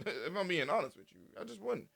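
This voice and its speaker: A man giving casual, animated commentary, repeating himself and swearing freely. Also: high voice, a little fast, gravelly, breathy edge. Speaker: commentary channel host.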